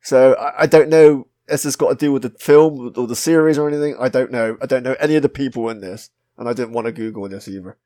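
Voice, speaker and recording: A man's voice: mid-range voice, fairly even intonation, quick pace, hardly any pauses, mellow. A man with a British accent hosting a casual podcast, chatting about a retro game, swearing freely and laughing at himself. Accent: British English. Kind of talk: casual chat.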